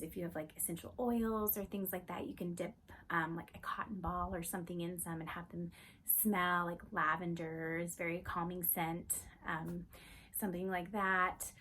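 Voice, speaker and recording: Bright-voiced woman giving soft calming tips. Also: mid-range voice, a little hiss or hum. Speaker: educator giving calming tips for young children. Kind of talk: casual instructional talk to camera.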